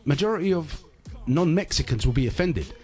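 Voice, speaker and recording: Male podcast host, slightly high voice, emphatic and animated, faint music behind. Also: brisk. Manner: emphatic, animated, rhetorical asides. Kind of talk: casual chat.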